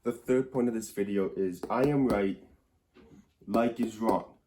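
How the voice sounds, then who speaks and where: A man's voice: on the low side, unhurried, warm tone. A man giving a comedic grammar lesson at a whiteboard indoors, rambling and wry in a mock-serious way.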